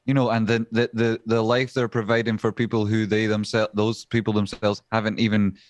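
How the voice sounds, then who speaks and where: Low-voiced man musing slowly. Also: flat delivery, dry recording. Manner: slow, reflective, halting. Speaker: podcast guest. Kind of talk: casual chat.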